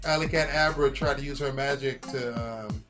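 A man in casual chat, telling a story in an animated, profane way and acting out quotes. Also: mid-range voice, moderate pace, over music.

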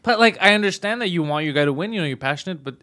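A man's voice: expressive, very fast, sharp tone. A middle-aged man co-hosting a comedy podcast, chatting casually and jumping into mock voices. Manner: joking, jumps into mock voices with big pitch leaps. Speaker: podcast co-host.

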